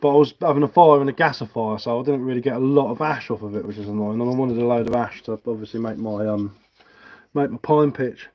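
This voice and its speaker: A man hosts a live stream, chatting casually while he carves, relaxed and rambling and poking fun at himself. He talks at a quick pace with a medium pitch through a headset mic. The recording sounds muffled.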